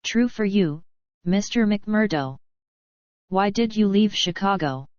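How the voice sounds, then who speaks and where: A woman reading the lines of a gruff, suspicious male lodge boss with a blunt, hot-tempered manner, in a dull lo-fi recording. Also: mid-range voice, lively intonation, slow, a little mellow, no echo.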